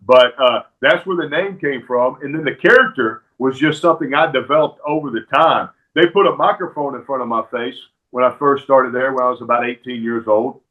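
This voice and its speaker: A man from Alabama with a Southern accent, a podcast guest telling animated anecdotes in casual chat. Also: medium pitch, brisk, few pauses, narrow, tinny audio. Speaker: podcast guest, former wrestler.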